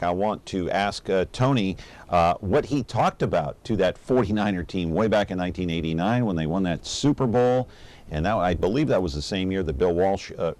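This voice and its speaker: A man hosting a live call-in radio show, briskly introducing breaks and giving out the phone line. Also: fairly low pitch, darkish tone. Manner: brisk, takes calls and plugs the phone line. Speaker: radio talk show host.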